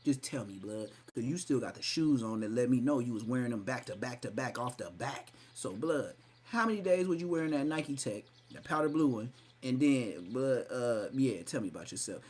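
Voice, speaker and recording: A man's voice: medium pitch, animated, moderate pace, breathy edge. A man hosting a live podcast stream, mocking and roasting someone in a profane, rowdy way. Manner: mocking, profane, loud outbursts. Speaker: podcast host.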